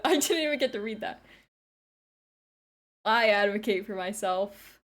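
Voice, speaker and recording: A woman's voice: medium pitch, animated, measured pace. A young woman casually commenting on a game while playing, chatty and joking. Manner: chatty, joking, laughs often. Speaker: streamer.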